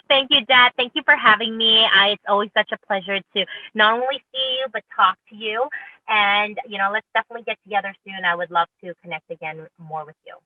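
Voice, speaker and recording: A woman's voice: mid-range voice, lively intonation, moderate pace, no room sound. Upbeat woman guest over a tinny phone line. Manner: upbeat, eager, many restarts. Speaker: real estate agent guest. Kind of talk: casual interview chat.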